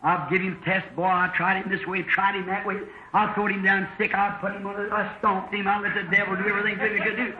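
A preacher with a notably high voice tells a homespun parable from the pulpit and acts out each character's lines. The recording is an old sermon tape that sounds dull and echoey, as if captured in a reverberant church. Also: male voice, flat delivery, quick pace, few pauses, slight background noise. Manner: folksy storytelling preacher, acting out dialogue with shifting voices.

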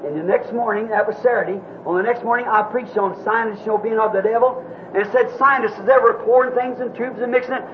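A man's voice: sits high, quick pace. A male preacher telling a long story in a sermon, in a folksy, rambling way, repeating "said" again and again. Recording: dull old tape recording with faint hiss.

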